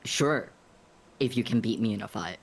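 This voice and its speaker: A man's voice: on the low side, normal speed, gravelly, slight background noise. A man voicing a smug, tough male warrior in curt, cool lines.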